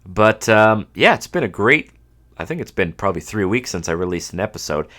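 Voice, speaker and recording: Male podcast host, 30s, from Canada, very low voice, congested, wry casual monologue. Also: very animated, brisk, a bit bright. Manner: dry, self-mocking humor. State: stuffed up from a cold.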